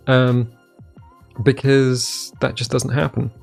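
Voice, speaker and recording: A man's voice: mid-range voice, steady tone, moderate pace, vocal fry, a little mellow, faint music behind. A man with an English accent talking casually to camera in a vlog from his living room, rambling and self-deprecating with many ums and restarts. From England. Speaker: vlogger.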